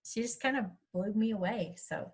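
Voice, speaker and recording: A woman's voice: medium pitch, expressive, normal speed, slightly rough, low-quality recording. A middle-aged woman, chatting in a rambling way about her audiobook at a writers' workshop over a video call. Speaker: author speaking at a writers' workshop. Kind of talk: casual chat.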